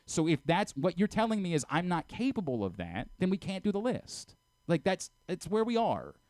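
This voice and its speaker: Exasperated, lecturing sports radio host. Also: male voice, high voice, sing-song, normal speed, a little mellow, dry recording. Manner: exasperated, lecturing, stammering restarts. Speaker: radio host and programming director. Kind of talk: heated sports radio argument.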